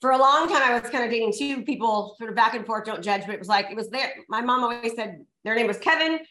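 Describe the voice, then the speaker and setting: High-voiced woman, emphatic motivational speaker. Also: quick pace, pushed and bright. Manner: emphatic and repetitive, coaxing the audience. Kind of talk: motivational talk to a live audience. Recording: echoey room.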